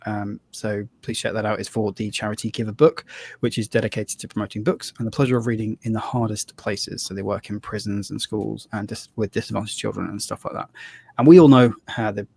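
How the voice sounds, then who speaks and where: A man's voice: lowish voice, creaky, a little mellow, no echo. A man hosting a live tabletop game stream as game master, talking in a loose, chatty way with fillers and restarts.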